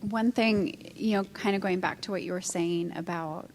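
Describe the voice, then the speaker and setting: A woman couples therapist on a discussion panel, giving measured advice with frequent pauses and ums. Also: lowish voice, steady tone, slight background noise. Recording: long hall reverb.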